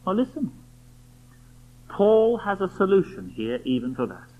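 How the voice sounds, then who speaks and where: A man's voice: sits high, huge pitch swings, unhurried. A man preaching a sermon, emphatic and full of rhetorical questions aimed at the listener. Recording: dull lo-fi recording.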